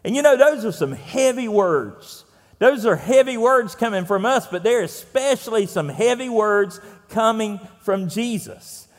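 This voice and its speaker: A man's voice: sits high, animated, measured pace, in a large hall. A man with a Southern US accent preaching a sermon as pastor, talking in a conversational, folksy way with frequent fillers.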